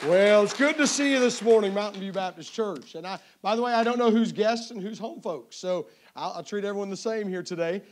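A man's voice: high-pitched, a little fast, few pauses. A man from Tennessee with a Southern accent, a visiting evangelist opening a sermon in a church in a folksy, joking way, often stumbling and restarting. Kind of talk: sermon introduction. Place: church sanctuary.

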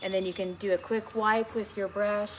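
A woman's voice: medium pitch, little pitch movement, normal speed. A woman teaching a beginners' painting class, chatty and encouraging as she talks through each brushstroke. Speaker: painting instructor. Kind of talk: relaxed step-by-step painting tutorial. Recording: noticeable background noise.

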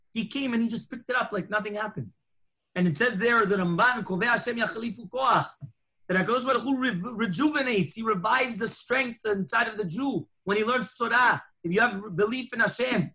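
A man's voice: very high voice, a little fast, husky. A man, a rabbi, teaching a lunchtime Torah class, telling stories and acting out the dialogue. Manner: animated storytelling, acting out dialogue.

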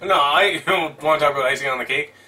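A young man casually telling a story at home, animated and excitable, swearing now and then. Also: fairly high pitch, fast, recorded from a distance. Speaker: vlogger. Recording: voice from off the mic.

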